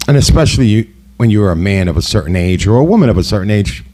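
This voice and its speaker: A middle-aged man speaks in a low, mellow voice as he tells a personal story. His delivery is casual and heated, with frequent conversational asides. He sounds like the host of his own talk show. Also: lively intonation, fast, slight background noise. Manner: heated, conversational, full of "you know" asides.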